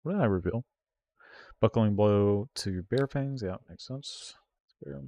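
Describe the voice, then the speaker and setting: A man streaming himself playing an online card game, reacting out loud with yelps and groans and talking to his viewers. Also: on the low side, unhurried, vocal fry, no echo. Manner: excitable, groans and yelps at the game, talks to chat. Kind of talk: live gameplay commentary.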